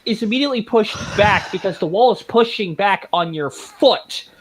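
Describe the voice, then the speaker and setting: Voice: mid-range voice, animated, normal speed, breathy edge, low-quality recording. A podcast guest explaining a point at length in emphatic, detailed terms, then taunting an online opponent. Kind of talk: casual explanatory chat.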